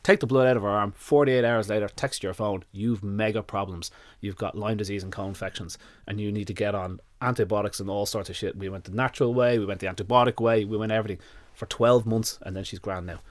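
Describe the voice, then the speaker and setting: A man's voice: fairly low pitch, fairly even intonation, a little fast, no echo. A man being interviewed on a podcast as a dog nutrition expert, telling a story with lots of quoted back-and-forth and casual swearing. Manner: swears freely, retells events in quoted dialogue.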